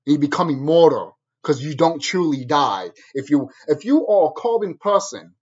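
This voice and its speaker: A man rants straight at the viewer in a profane, hammering monologue, circling back to the same phrases again and again. His husky voice swings widely up and down in pitch. The sound is dull and lo-fi. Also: animated, normal speed. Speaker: vlogger.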